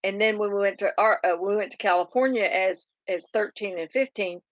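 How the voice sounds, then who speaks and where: A woman's voice: medium pitch, a little fast, no echo, lo-fi sound. A middle-aged woman from Oklahoma with a Southern drawl, hosting a casual live farm chat and answering viewer comments in a rambling way with lots of fillers. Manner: chatty and rambling, many fillers and restarts. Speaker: farm livestream host.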